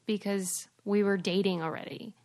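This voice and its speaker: A woman's voice: medium pitch, fairly even intonation, moderate pace, darkish tone. A young adult woman co-hosting a podcast, chatting candidly and laughing often. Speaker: podcast co-host. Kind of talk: casual chat.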